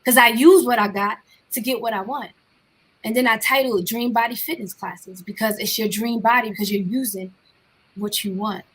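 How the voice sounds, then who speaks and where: A woman's voice: on the high side, moderate pace, husky. A woman from New Jersey, a guest artist in a casual interview, telling stories with energy and acting out the voices of the people in them. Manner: animated storyteller acting out quoted voices.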